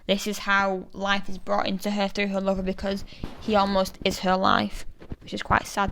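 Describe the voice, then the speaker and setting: A woman's voice: medium pitch, flat delivery, normal speed, bright, forceful tone, clear, resonant tone, rough recording. A British woman giving a casual, thoughtful analysis of a poem, chatty and full of fillers. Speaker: literature explainer.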